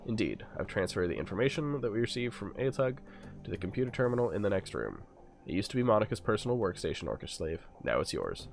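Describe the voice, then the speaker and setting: A composed, formal man on a team in a video game, measured and polite, as a man reads him aloud. His voice is lowish, with faint music under it. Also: sing-song, vocal fry. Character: formal, composed male team member at a computer.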